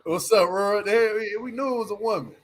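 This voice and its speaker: A man's voice: high-pitched, a little fast. A man hosting a casual livestream, reviewing a reality show, laughing often as he retells scenes with lots of slang.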